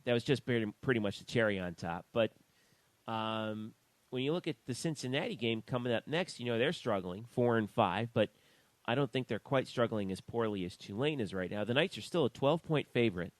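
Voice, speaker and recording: A man co-hosting a sports talk podcast, reading out statistics in a slow, measured way. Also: mid-range voice, expressive, no echo. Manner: reads out stats in a slow, measured way. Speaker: podcast co-host.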